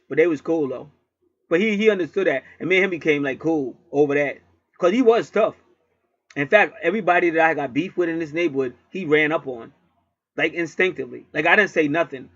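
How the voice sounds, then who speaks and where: Rambling and repetitive, a man at home spins a story in a relaxed monologue for his channel, cursing freely. His voice is on the high side and a bit bright, recorded with no echo and with the highs cut off.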